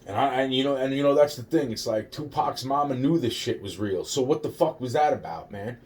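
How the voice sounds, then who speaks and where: Rambling, swearing man with a dark voice. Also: medium pitch, fairly quick. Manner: rambling, profane, many restarts and quoted dialogue. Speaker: vlogger telling a personal story. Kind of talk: rambling first-person storytelling.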